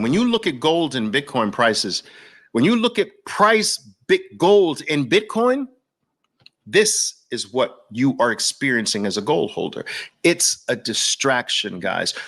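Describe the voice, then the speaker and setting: A man's voice: mid-range voice, fairly bright tone. A man with a Brooklyn accent hosting an impassioned, preachy talk to camera, hammering points home through repetition. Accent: New York, Brooklyn. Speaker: host.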